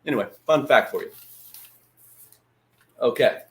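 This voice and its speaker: A man's voice: mid-range voice, unhurried, fairly bright tone. A man hosting a casual livestream lesson. He talks in a loose, chatty way, swears freely and greets viewers by name. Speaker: livestream host.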